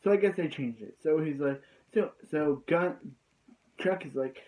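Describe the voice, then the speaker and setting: A man's voice: fairly high pitch, normal speed, warm tone, low-quality recording. A man giving a casual, rambling recap of an anime episode, leaning on filler words like "so yeah.".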